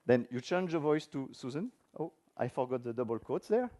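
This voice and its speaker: A man's voice: mid-range voice, lively intonation, normal speed, mellow. A man giving a technical conference talk with a live demo, speaking informally and asking the audience questions. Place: conference room before an audience.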